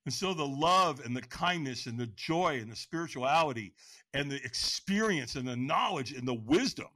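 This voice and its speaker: A man in his sixties, a podcast guest, frankly telling his own story in an animated way and acting out the voices. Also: medium pitch, moderate pace, dry recording. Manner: animated, acts out voices and inner dialogue; frank, casual speech. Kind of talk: personal storytelling in an interview.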